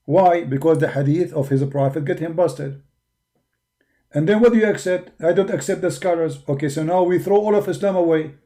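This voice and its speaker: Arabic-accented man, gravelly and dark-toned, emphatic debater who mocks his opponents. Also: fairly high pitch, a little fast. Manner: combative, mocking, emphatic. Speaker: religious debater. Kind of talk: polemical monologue.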